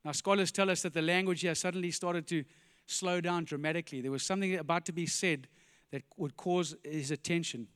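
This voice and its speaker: High-voiced man preaching in a reverberant hall. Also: fairly quick, smooth. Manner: animated preaching with rhetorical questions and sudden drops to quiet emphasis. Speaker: pastor. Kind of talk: sermon. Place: church.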